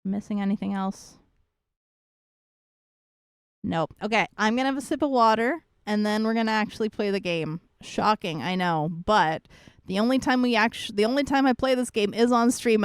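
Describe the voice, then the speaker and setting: A woman's voice: medium pitch, normal speed, clear, resonant tone, dry recording, studio quality. A woman streamer in casual chat, greeting viewers one by one in a bubbly, playful way.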